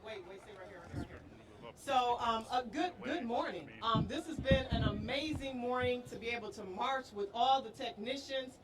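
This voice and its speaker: Rousing woman speaking outdoors, far off. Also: on the high side. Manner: emotional, rousing, builds to shouting. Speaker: deputy mayor giving a speech. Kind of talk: outdoor public speech. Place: outdoor rally at a school parade. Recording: distant outdoor news mic with street noise.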